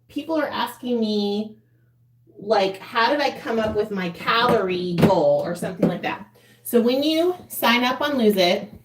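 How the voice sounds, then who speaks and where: This woman's fairly high voice comes through reverberant, with a little hiss or hum. In her forties, she's a vlogger doing makeup at home, chatting to a live chat and laughing frequently.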